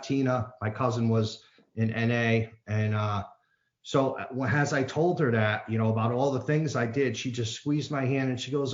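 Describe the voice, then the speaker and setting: A man's voice: medium pitch, steady tone, normal speed. A man, an AA speaker, reading aloud and then telling a personal story in a plain, earnest way with frequent restarts. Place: meeting room. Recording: dull, roomy meeting-hall sound.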